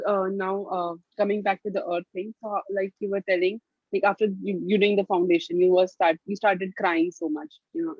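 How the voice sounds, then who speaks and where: A woman's voice: medium pitch, slightly rough, no echo. A woman hosting a casual conversation, speaking hesitantly with many fillers and restarts, heard over a video call. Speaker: host. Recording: dull, dry, lo-fi sound.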